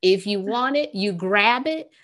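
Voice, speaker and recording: A woman therapist with an American accent, talking on a podcast, lively and laughing often as she acts out quoted phrases. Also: mid-range voice, measured pace. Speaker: therapist guest. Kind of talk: podcast conversation.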